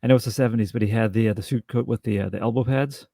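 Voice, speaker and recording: A man co-hosting a podcast, chatting casually about a movie with halting restarts and dry jokes. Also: lowish voice, steady tone, creaky, dark tone, dry recording. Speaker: podcast co-host. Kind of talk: casual film review chat.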